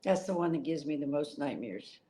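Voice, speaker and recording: A woman's voice: low voice, expressive, a little fast, dark tone, rough recording. A middle-aged woman answering interview questions in an earnest, emotional way, now and then apologizing for getting upset. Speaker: interview guest.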